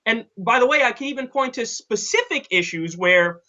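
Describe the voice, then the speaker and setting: A man's voice: very high voice, lively intonation, moderate pace, bright, forceful tone, dull audio. A man hosting a casual political commentary show, talking in a blunt, sarcastic way and swearing casually. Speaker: show host.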